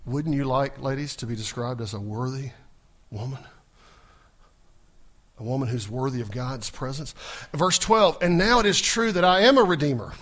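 A man's voice: medium pitch, animated, normal speed, pauses often, fairly bright tone. A man preaching a sermon, asking the congregation questions and acting out the scripture dialogue. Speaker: pastor.

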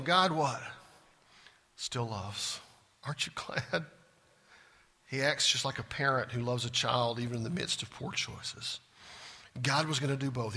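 A man's voice: medium pitch, bright, forceful tone, husky. A man preaching a sermon as a pastor, talking to the congregation in a conversational way full of questions. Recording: long reverb in a large hall.

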